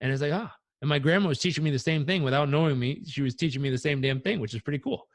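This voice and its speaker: A man on a podcast telling personal stories in an animated way, acting out the voices in them. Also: a little high, racing, dry recording, clean studio sound. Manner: animated, acts out quotes. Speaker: guest. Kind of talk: conversational storytelling.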